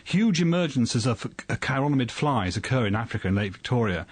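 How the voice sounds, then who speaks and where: A man who is a scientist guest on a radio show, telling stories in an animated, amused way. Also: mid-range voice, a little fast, breathy edge, dry recording. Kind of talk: radio studio interview.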